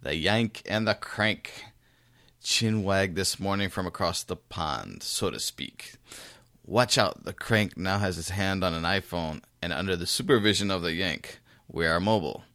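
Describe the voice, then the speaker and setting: Guy putting on a buddy's accent, deep and slow, reading a note. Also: pushed and bright, dry recording, studio quality, full character voice. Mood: jokey. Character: male friend's voice read aloud in a mock accent.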